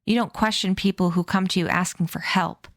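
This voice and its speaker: A woman's voice: on the low side, steady tone, a little fast, lightly acted. A woman voicing a haughty, commanding young girl in a read-aloud story, firm and proud.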